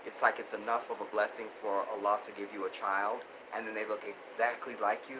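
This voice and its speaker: A man's voice: on the low side, flat delivery, a little fast, few pauses, background noise. A man hosting a casual live stream, reading viewer comments aloud and reacting with lots of laughter and repeated phrases. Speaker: host.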